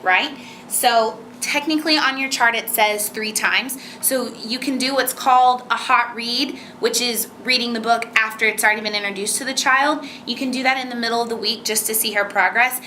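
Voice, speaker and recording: A woman's voice: on the high side, bright, forceful tone, slight background noise. A woman teacher explaining a reading method step by step, patient and encouraging, and reading a children's book aloud. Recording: echoey room.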